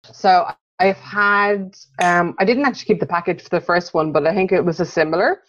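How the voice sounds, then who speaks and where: A woman guest chats in a friendly, rambling way on a podcast. Her voice is very low for a woman. The audio is dull and dry, with no room sound. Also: fairly even intonation, brisk, a bit bright, no echo. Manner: friendly, rambling, laughs easily. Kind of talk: casual interview chat.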